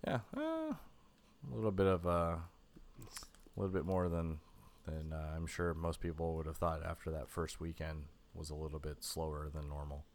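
A man hosting a casual podcast chat, talking in a relaxed way with hesitant fillers while steering the conversation. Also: very deep voice, normal speed. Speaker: podcast host.

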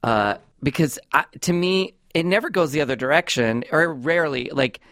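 A man hosting a comedy podcast, chatting in a rambling, animated way on a close studio mic. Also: on the high side, normal speed, no room sound. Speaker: podcast host. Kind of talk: casual comedic chat.

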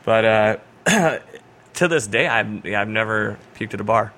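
Bright-voiced young man telling a story. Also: lowish voice, unhurried. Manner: animated storyteller, acts out quoted voices loudly. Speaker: podcast guest. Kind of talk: casual storytelling.

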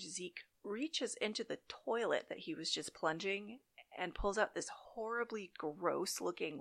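A woman's voice: fairly low pitch, gravelly, a bit bright. A woman chatting casually and dramatically as she recaps a TV episode, with wry asides.

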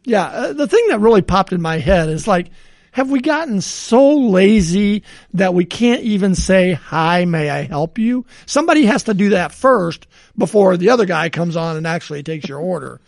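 A man co-hosting a podcast, telling rambling everyday stories in a relaxed chat and chuckling often. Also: sits high, moderate pace, vocal fry, dry recording, studio quality. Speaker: podcast co-host.

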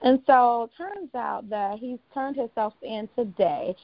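A woman's voice: fairly high pitch, lively intonation, slow, no room sound. A woman with a Southern US accent co-hosting a podcast in a casual chat, chatty and full of "you know.". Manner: chatty, laughs often, says "you know" a lot. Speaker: podcast co-host. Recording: dull lo-fi home recording, fan hum.

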